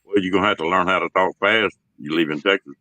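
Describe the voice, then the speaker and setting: A deep, low-voiced man chatting slowly and easily on a livestream. His tone is bright and forward, and the sound is dry and close, with no room around it. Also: no room sound, rough recording. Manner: slow drawling talk, laughs a lot. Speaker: host. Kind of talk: casual livestream chat.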